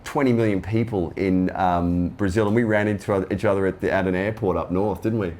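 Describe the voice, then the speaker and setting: A man's voice: low-pitched, steady tone, fairly quick, darkish tone. Laughing Australian man telling stories. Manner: laughs often, restarts eagerly. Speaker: interview guest. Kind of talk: casual storytelling.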